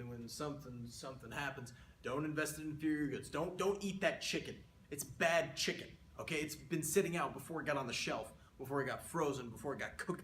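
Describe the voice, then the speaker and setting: A man's voice: mid-range voice, a bit bright, a little hiss or hum. A man giving a comedic mock economics lecture, playful and rambling with exaggerated asides. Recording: roomy echo.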